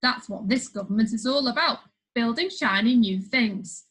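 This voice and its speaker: A woman's voice: on the high side, lively intonation, normal speed, fairly bright tone, husky. A woman voicing a rude, pompous male prime minister who shrieks and sneers in a storybook reading. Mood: smug.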